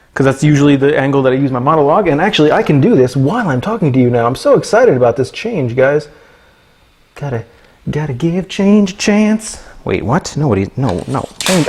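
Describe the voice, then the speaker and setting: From his home kitchen, a man runs a cooking livestream, chatting casually and joking playfully with viewers while he cooks. His voice is fairly high and husky.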